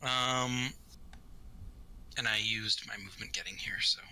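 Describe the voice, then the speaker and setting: A man's voice: lowish voice, steady tone, measured pace, pushed and bright. A man playing a tabletop game, thinking aloud and hesitating as he works out his turn. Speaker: player. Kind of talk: casual tabletop game play.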